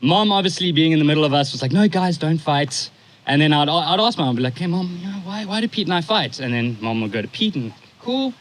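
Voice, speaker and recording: A young man in his twenties giving a eulogy for his stepfather, telling a story in a casual, halting way and pausing at times to compose himself. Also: fairly high pitch, expressive, slight background noise, low-quality recording.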